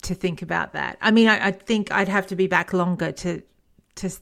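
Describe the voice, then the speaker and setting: A middle-aged woman talking casually as a guest, telling lively stories with hesitant restarts. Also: on the low side, moderate pace, creaky. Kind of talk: casual conversation.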